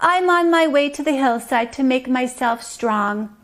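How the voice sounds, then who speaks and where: A woman's voice: expressive, a little slow, fairly bright tone. A woman voicing the smallest billy goat in a read-aloud story, in a small pleading voice. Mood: meek. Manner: pleading, high little voice.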